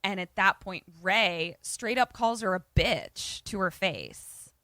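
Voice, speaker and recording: In a dry recording, a female podcast co-host takes it slowly as she casually recaps a film. Her voice sits at medium pitch, and her retelling is animated, with the characters' lines acted out.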